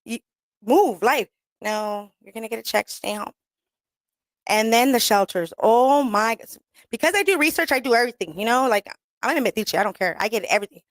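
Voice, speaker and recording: A woman's voice: a little high, lively intonation, brisk, no echo. A woman hosting talk radio in a blunt, rambling, profane way, laughing often and mixing in Spanish slang.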